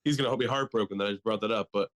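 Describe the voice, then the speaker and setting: A man's voice: lowish voice, racing. Young male co-host, loose and profane, joking chat. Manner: profane, animated, jokey. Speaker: podcast co-host. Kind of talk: casual chat.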